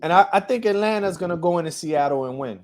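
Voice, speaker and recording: A man's voice: high voice, expressive, quick pace, a little mellow. A man co-hosting a sports podcast, chatting casually about football picks, rambling with frequent restarts. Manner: rambling, restarts often, trails off with ums. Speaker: podcast co-host.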